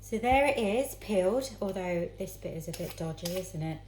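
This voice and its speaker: Chopping vegetables for a casual vlog, a woman chats to herself and her audience in a lowish, darkish voice that's animated yet moderately paced. Her home kitchen echoes with clattering pans, and a little background noise is audible.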